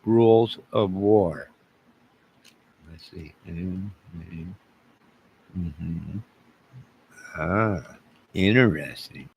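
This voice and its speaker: A man with a very low, gravelly voice hosts his own video channel. He rambles from one thing to the next and keeps restarting his sentences. A faint hiss of noise sits behind him. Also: low-quality recording. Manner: rambling, digressive, with frequent restarts. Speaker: YouTube channel host. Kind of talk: rambling solo vlog.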